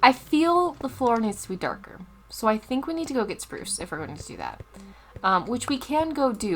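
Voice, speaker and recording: A woman's voice: mid-range voice, very animated, a little fast. Chatty woman narrating a cozy game. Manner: chatty, easily distracted, loud startled outbursts. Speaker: Let's Play host. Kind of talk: casual gameplay commentary.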